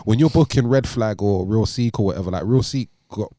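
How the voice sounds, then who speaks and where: A man on a casual podcast, explaining in a measured way and dropping quiet at phrase ends. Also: on the low side, no echo, studio quality. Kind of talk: casual chat.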